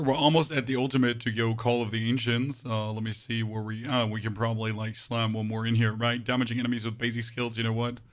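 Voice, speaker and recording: Hoarse man streaming in a flat monotone. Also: mid-range voice. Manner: talks to chat with frequent "right?". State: hoarse, voice nearly gone. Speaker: game streamer. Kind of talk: casual live-stream chat while playing.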